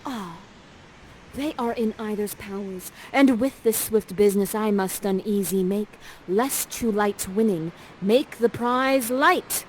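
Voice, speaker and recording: A woman's voice: medium pitch, a little hiss or hum, close to an everyday voice. Woman playing a grand scheming sorceress. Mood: pensive. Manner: slow, loud, grandly theatrical verse. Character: scheming sorceress mother Prospera, imperious and manipulative.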